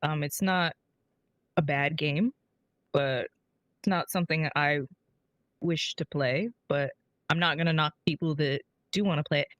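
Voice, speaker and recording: A woman's voice: low voice, steady tone, measured pace, pauses often, fairly bright tone, dry recording, muffled recording. A woman co-hosting a gaming podcast over an online call, presenting topics in a wry, matter-of-fact way. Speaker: podcast co-host. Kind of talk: casual chat.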